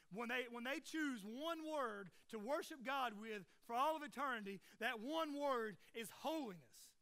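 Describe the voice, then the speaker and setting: A man's voice: extremely high pitch, bright, forceful tone. A young man preaching a sermon as a pastor, earnest and conversational, full of rhetorical questions.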